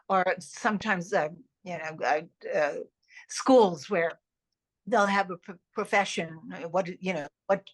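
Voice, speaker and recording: Older woman, actress, interview guest, chatty and rambling, stumbles and restarts, mid-range voice. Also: mid-range voice. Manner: rambling and animated, with many restarts and repeated words. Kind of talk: casual interview chat.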